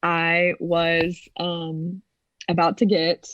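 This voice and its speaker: A woman's voice: on the low side, extremely slow, dry recording. Chatty young woman telling a story. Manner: animated, acts out quotes, many fillers. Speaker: podcast co-host. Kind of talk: casual storytelling. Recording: dull, dry sound.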